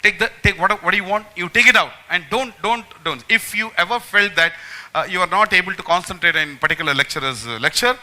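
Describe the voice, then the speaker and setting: A man's voice: high voice, fast talker, pushed and bright, rough recording. A man giving an emphatic motivational lecture to students, repeating phrases and speaking straight to his listeners. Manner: emphatic, repeats phrases, addresses the audience directly. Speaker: magician giving a memory talk to students.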